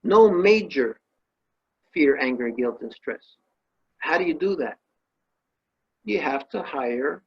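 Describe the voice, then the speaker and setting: A man's voice: mid-range voice, breathy edge, highs cut off. A man giving an emphatic spiritual talk, telling a parable and listing emotions with rising force. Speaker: spiritual teacher.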